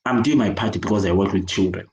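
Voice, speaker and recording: A man with a Zimbabwean accent talks in a fired-up rant, angry and insistent, hammering the same points over and over. His voice sits fairly low, and the room around him gives off a noticeable echo. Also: fast, a little mellow, lo-fi sound. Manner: angry, emphatic, repetitive, switching between English and Shona. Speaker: children's worker speaking out. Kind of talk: impassioned video rant.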